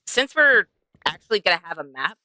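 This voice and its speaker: A woman's voice: on the low side, big pitch swings, a little fast, bright, forceful tone, dry recording. A young woman streaming a game, chatting to herself and to the animals she passes as she plays. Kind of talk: casual gameplay commentary.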